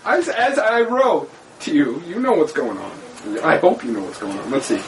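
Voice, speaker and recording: A man's voice: fairly high pitch, big pitch swings, normal speed, background noise. A man playing a tabletop role-playing game, narrating his actions in a playful, joking way, a bit distant from the mic. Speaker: player. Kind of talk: tabletop role-play banter.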